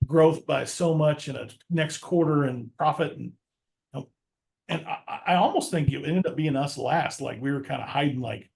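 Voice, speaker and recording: A man who leads an insurance agency, speaking as a guest in a relaxed podcast chat with stammering restarts. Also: fairly high pitch, moderate pace, vocal fry. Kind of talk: casual podcast conversation.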